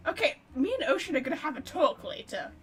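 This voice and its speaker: A woman streamer giving casual, rambling game commentary, excitable and full of fillers. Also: high-pitched, fast, faint music behind.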